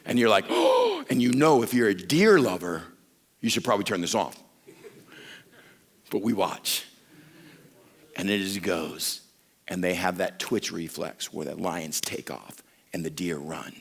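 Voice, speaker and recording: Animated preacher man. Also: low voice. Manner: animated storytelling preacher, acts out voices. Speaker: pastor. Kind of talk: sermon at a men's retreat.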